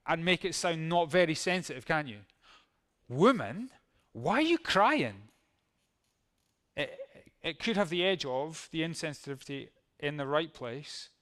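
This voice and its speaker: Guy preaching casually, a bit high-pitched, acts out the verses. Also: fairly bright tone. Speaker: pastor. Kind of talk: sermon.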